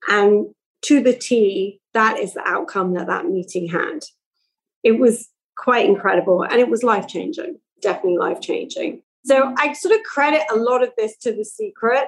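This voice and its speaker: A woman's voice: a little high, moderate pace, low-quality recording. Chatty woman guest. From England. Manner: animated, chatty storytelling. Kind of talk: podcast interview.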